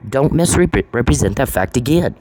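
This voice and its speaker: A man's voice: medium pitch, animated, normal speed, a little mellow. A man in an angry monologue, confrontational and profane, repeating taunting questions. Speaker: vlogger. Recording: noisy recording with clicks.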